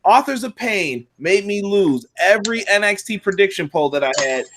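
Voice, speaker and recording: A blunt, opinionated man with a high voice, talking casually in a podcast chat. A faint hiss of noise sits under the recording. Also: expressive, normal speed, a bit bright. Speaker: podcast co-host.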